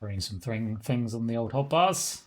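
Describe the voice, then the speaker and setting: A man's voice: medium pitch, animated, normal speed. Wry man streaming a game. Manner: casual, wry, mutters to himself, mild swearing. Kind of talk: live gameplay commentary.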